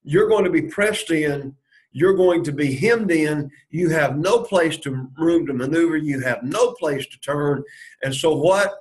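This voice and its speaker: A man's voice: fairly high pitch, unhurried, darkish tone, poor audio. A man leading a Bible study lesson, going through the verses and asking and answering his own questions. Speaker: Bible class teacher.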